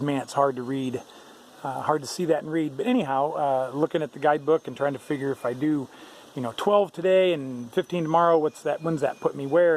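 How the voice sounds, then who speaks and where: A man's voice: fairly high pitch, a little mellow, poor audio. A man hiking a long trail and chatting casually to his camera outdoors, easygoing and full of fillers. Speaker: thru-hiker vlogger. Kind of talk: casual vlog narration to camera. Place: outdoors on a mountain trail by a stream. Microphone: handheld camera mic. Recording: faint outdoor background noise.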